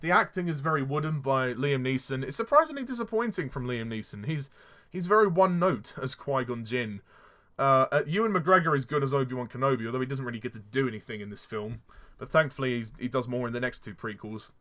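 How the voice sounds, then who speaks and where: A man's voice: medium pitch, lively intonation, fairly quick, fairly bright tone. A man giving a casual film review, exasperated and sarcastic, often laughing at what he criticizes.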